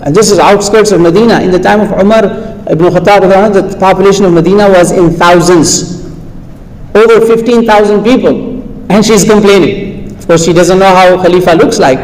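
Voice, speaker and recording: Animated male preacher in echoing hall. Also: high voice, normal speed. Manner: animated, acts out quoted voices. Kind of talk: sermon storytelling. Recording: reverberant hall with faint background noise.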